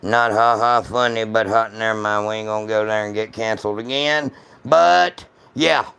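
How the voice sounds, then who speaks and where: A man hosting a casual gun-channel livestream, talking to viewers in rough, profane, blunt banter. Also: fairly low pitch, moderate pace, fairly bright tone.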